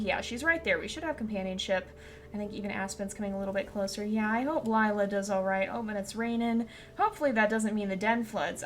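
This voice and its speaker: Chatty woman streamer narrating her game. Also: mid-range voice. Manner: chatty, reacts loudly and squeals when scared; soft and gentle when giving advice to viewers. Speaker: gaming streamer. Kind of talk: casual let's-play commentary.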